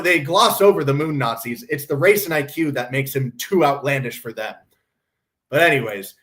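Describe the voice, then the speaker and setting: Male commentary-stream host with a high voice, sarcastic and mocking ranting. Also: a bit bright. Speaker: podcast host.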